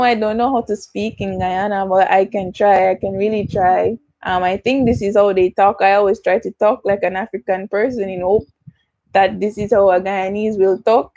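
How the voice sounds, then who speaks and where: A woman's voice: medium pitch, darkish tone, lo-fi sound, natural voice. A Jamaican woman putting on a mock Guyanese accent, exaggerated and teasing.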